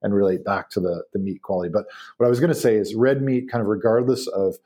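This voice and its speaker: Appearing as a podcast guest and expert on beef, a man chats casually and drifts readily into lively anecdotes. His low, warm voice carries a faint husky edge, and he talks quickly in loose stretches interrupted by fillers and restarts.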